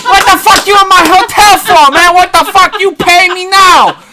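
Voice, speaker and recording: A man's voice: very high voice, fairly even intonation, normal speed, a loud crowd, voice pushed up. A man voicing a furious male hotel manager with broken English, screaming insults at his guests. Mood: screaming angry.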